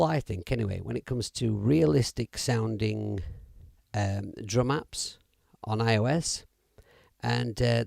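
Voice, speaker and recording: A middle-aged man livestreams casual demos of music apps, chatty and rambling with fillers and self-corrections. His mid-range voice is gravelly and a little mellow, captured through an audio interface mic with studio quality and no room sound.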